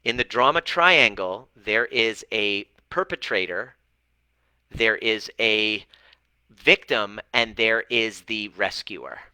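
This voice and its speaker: A man's voice: on the low side, takes it slowly, sharp tone, smooth, no echo, rough recording. A man talking as a relationship coach, blunt and swearing freely, acting out his clients' words as he tells their stories. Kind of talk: motivational talk to camera.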